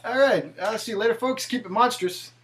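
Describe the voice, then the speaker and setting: A man's voice: very high voice, fairly quick, fairly bright tone. A man hosting a podcast in casual chat. He often laughs and halts with fillers. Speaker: podcast host.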